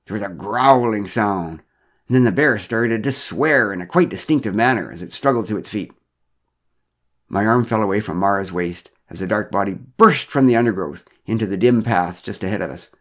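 A man's voice: fairly low pitch, moderate pace, a bit bright. A man telling a first-person story in a dry, understated, wry way.

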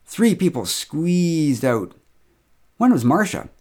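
A man's voice: on the high side, very animated, slow, a little mellow. A middle-aged man telling a humorous first-person story with wry, dry humor.

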